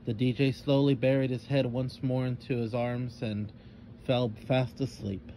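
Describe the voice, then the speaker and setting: A man reading a children's story aloud with expressive narration. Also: mid-range voice, measured pace, a little hiss or hum.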